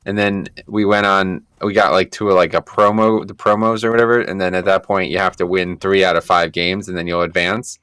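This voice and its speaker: A man streaming a game, telling a rambling story in an animated, casual way and swearing freely. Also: deep voice, brisk, few pauses, clear, resonant tone, dry recording.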